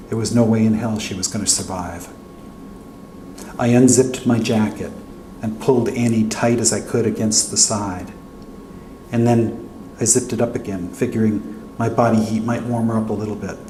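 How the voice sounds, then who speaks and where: A male author narrating his own fiction aloud in a steady first-person voice at a college reading. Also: fairly low pitch. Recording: echoey hall with faint hum.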